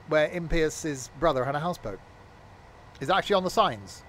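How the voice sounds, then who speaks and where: A man's voice: a little high, lively intonation, moderate pace, fairly bright tone. Man, jokey game streamer, rambling, mutters to himself, faint train hum behind. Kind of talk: casual gameplay commentary.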